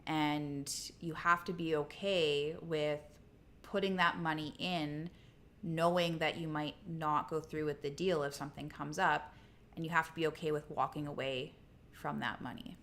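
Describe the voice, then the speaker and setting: Low-voiced woman co-hosting. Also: steady tone, a little slow, fairly bright tone, a little hiss or hum. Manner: conversational, many restarts. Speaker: co-host. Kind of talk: casual livestream chat.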